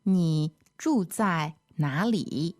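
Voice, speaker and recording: A woman teaching a language lesson, repeating phrases slowly and patiently. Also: low-pitched, animated, darkish tone, no room sound, faint music behind.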